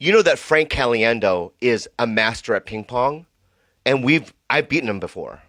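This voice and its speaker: A man's voice: mid-range voice, lively intonation, normal speed, fairly bright tone, no echo, studio quality. A man in his forties, a podcast co-host, talking in crude, rambling comedic chat and laughing often. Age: 40s.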